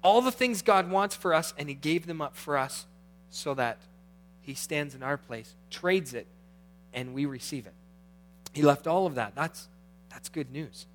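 A middle-aged man preaching a sermon as pastor, swinging between hushed, intimate passages and animated, rising ones. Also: on the high side, measured pace, slight background noise.

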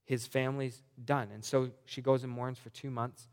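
A man preaching a conversational sermon, teaching from slides and moving between quiet asides and emphatic points. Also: mid-range voice, level tone, moderate pace, clear, resonant tone. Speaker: pastor. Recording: reverberant hall.

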